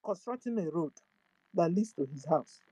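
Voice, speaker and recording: A woman's voice: fairly low pitch, animated, normal speed, warm tone, breathy edge, no room sound. A woman with a Nigerian accent hosting her own channel, pleading in impassioned commentary full of rhetorical questions and lines in Igbo. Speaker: channel host.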